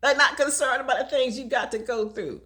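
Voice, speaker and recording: A woman telling a personal story in a casual vlog, talking fast and laughing often. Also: high voice, sharp tone. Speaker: vlogger.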